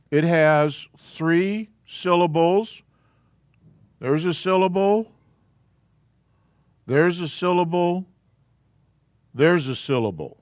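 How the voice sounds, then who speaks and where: Slow, clear-voiced man teaching a class. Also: on the high side, dry recording. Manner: slow, patient, walking through letters step by step. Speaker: Hebrew alphabet teacher. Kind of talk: live classroom lesson. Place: church classroom with a live class.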